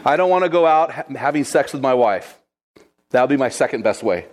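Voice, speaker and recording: Male preacher, casual and animated, talks straight to the congregation. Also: mid-range voice, brisk. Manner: lively, conversational, addresses listeners as guys. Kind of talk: sermon storytelling.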